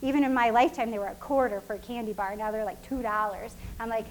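A woman's voice: fairly high pitch, fast talker, rough recording. A woman preaching a sermon in a casual, conversational way that repeats its points and breaks into laughter. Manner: conversational and repetitive, with frequent laughs.

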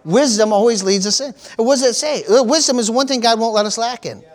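High-voiced man preaching with fervor. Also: fast. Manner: preachy call-and-response, repeats phrases for emphasis. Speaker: pastor. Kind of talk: sermon.

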